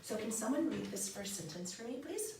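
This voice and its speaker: A woman's voice: on the high side, animated, brisk. Upbeat young woman teaching in a classroom. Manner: upbeat, encouraging, talks through examples. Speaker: student teacher leading a small group. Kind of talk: classroom grammar lesson. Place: small classroom. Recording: roomy echo, mic far off, faint hiss.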